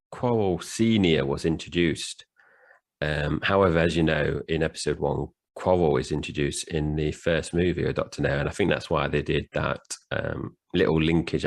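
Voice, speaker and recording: A man's voice: rumbling low, gravelly. A man co-hosting a podcast, talking casually about a film and reading out quotes plainly. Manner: plain, reads quotes out without doing voices. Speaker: podcast co-host. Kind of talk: casual film review chat.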